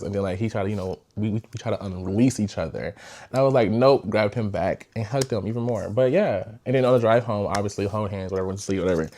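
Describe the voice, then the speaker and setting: A young man hosting a podcast, telling a personal story in a chatty, animated way with lots of fillers. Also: fairly low pitch. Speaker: podcast host. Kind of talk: casual storytime.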